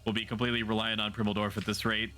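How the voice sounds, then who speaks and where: An anxious, earnest villager, voiced by a man, low-pitched and steady as he lays out the village's troubles. He sounds careful and concerned, like a plain townsman at a loss. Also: very fast, soft background music. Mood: worried.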